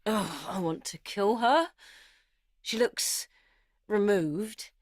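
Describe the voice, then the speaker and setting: In a clean studio take with no room sound, a woman with a mid-range voice takes her time. She plays a young playwright narrating her life dramatically in the first person, in an intense, confessional way. The tone is weary, and the character comes across as anxious, grieving and bitter.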